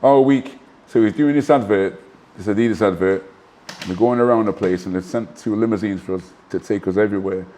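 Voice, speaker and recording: Mellow-voiced man telling stories. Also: fairly low pitch, fairly quick, slight background noise. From Manchester, England. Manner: animated anecdotes full of asides and restarts. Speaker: guest, former professional boxer. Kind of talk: casual storytelling interview.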